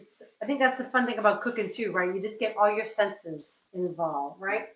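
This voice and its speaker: A woman's voice: mid-range voice, lively intonation, moderate pace, roomy sound, poor audio. A middle-aged woman from New England hosting a casual cooking demonstration, chatty and upbeat, often checking in with "right?". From New England, USA. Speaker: cooking show host. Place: home kitchen.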